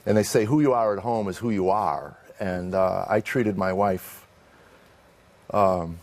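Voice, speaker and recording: A middle-aged man with a low, gravelly voice tells candid stories from his own life as a comedian guest in an interview. He is wry and self-deprecating, and he acts out the people in his stories. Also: unhurried, a little mellow. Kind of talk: candid personal storytelling in an interview.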